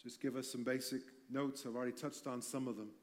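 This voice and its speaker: A man preaching a passionate sermon, swinging between loud emphasis and quiet intensity, with light humorous asides. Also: mid-range voice, flat delivery, fast talker.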